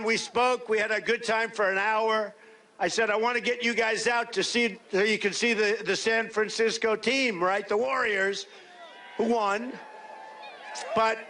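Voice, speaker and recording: A boastful political candidate delivers a rambling rally speech, circling back on the same points. His voice sits very high and sounds sharp and forceful, and he shouts short punchy lines. A faint noise hangs underneath. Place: large rally space.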